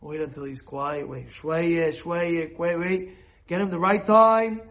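Animated high-voiced man giving a sermon. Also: takes it slowly. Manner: animated, jumps into shouted quoted voices, many restarts. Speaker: rabbi giving a talk. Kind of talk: informal sermon with acted examples.

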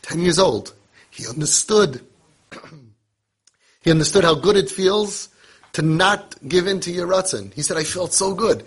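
A man's voice: high voice, lively intonation, unhurried, long pauses, husky. A middle-aged man teaching a casual parenting lesson, mixing Hebrew and Yiddish terms into his conversational talk.

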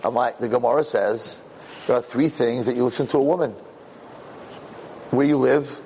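A middle-aged man, a rabbi, giving a Torah class as an animated storyteller who repeats words as he restarts his sentences. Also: medium pitch, moderate pace, husky.

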